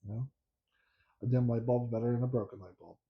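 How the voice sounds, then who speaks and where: A man's voice: mid-range voice, fairly even intonation, fast. A man co-hosting a casual podcast chat, easygoing, with wry comebacks. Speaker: podcast co-host. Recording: dull lo-fi audio.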